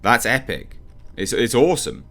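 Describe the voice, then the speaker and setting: A man's voice: mid-range voice, huge pitch swings, normal speed, gravelly, sharp tone, faint music behind. A man reviewing a movie trailer in casual reaction commentary, opinionated and rambling as he thinks aloud with frequent ums.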